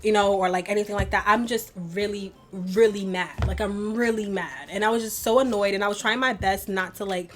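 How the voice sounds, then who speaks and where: A woman's voice: mid-range voice, fairly quick, hardly any pauses. A young woman chatting and venting while doing her makeup at home, rambling with many fillers. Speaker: beauty vlogger. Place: home bedroom at a vanity.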